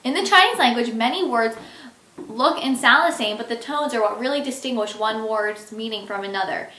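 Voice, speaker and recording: Bright woman presenter reading a lesson aloud, slightly high voice. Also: normal speed, echoey room, rough recording. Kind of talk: classroom presentation.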